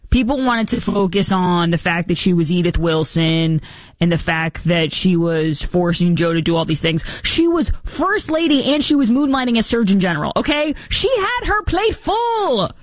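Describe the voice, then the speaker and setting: A woman's voice: sits low, dry recording, clean studio sound. Sarcastic woman talk show host. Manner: mocking, sarcastic, puts on silly voices for impressions. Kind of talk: sarcastic political commentary.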